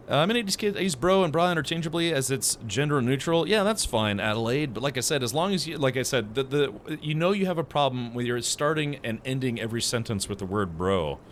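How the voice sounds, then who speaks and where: Brief: male game streamer, sarcastic and chatty, very expressive pitch, faint hum behind. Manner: sarcastic, chatty, laughs at his own jokes; talks to chat. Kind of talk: casual live-stream chat while playing.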